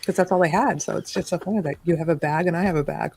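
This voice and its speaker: A woman's voice: lowish voice, racing, a crowd in the background, poor audio. A woman hosting a livestream, chatting casually on a video call and laughing easily. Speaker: livestream host.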